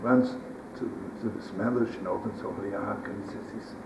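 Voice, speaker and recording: A man with a weak voice, a rabbi telling stories in a loose, halting way, sprinkled with Yiddish words. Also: lowish voice, steady tone. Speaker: rabbi and storyteller. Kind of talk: storytelling sermon. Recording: roomy archival recording from a distance, faint hiss.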